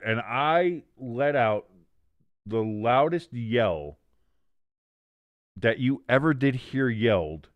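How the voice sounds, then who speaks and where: A man of ordinary pitch hosts a live sports watch-along, rambling through stories and reading out the plays. He talks in a loose, chatty way full of restarts. The sound is dry and close, with no room around it. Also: lively intonation, takes it slowly, pauses often, no echo, lo-fi sound. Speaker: watch-along streamer host. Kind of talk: casual live-stream chat and play-by-play.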